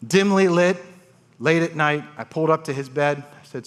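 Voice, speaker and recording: Male transplant surgeon, stage storyteller, dramatic pacing, a touch high-pitched. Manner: dramatic, uses pauses and voiced quotes. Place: conference stage before an audience.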